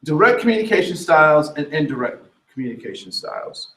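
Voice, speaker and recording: A man leading a workshop on cultural communication, animated, asking the room questions and acting out what people say. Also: fairly high pitch, a little fast. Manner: animated, asks the room questions, acts out quotes. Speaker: diversity trainer. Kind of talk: workshop lecture. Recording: echoey room, from a distance.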